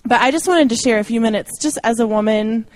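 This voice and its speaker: A woman's voice: a little high, quick pace, darkish tone. A young adult woman speaking informally to a church audience about ministry, chatty and self-deprecating, with light laughs. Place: church meeting room.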